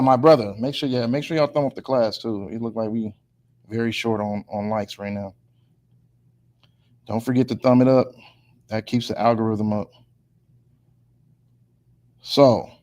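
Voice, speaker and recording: A man teaching a casual Bible class. He reads scripture slowly and deliberately, then preaches in a loose, colloquial way and keeps asking his listeners if they follow him. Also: medium pitch, darkish tone. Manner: slow, deliberate scripture reading.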